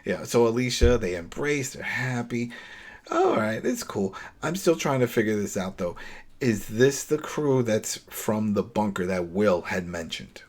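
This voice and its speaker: A man's voice: fairly low pitch, sing-song, unhurried, darkish tone. A man co-hosting a podcast, chatting casually and animatedly as he recaps scenes, laughing and tossing out rhetorical questions. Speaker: podcast co-host. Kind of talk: casual episode recap chat.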